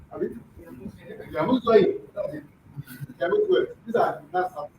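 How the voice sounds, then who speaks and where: A man's voice: extremely high pitch, wildly swooping pitch, moderate pace, long pauses, noisy background. A man teaching a classroom lesson, often quizzing the students with questions. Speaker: language teacher. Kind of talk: classroom lecture. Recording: dull echoey room from far off.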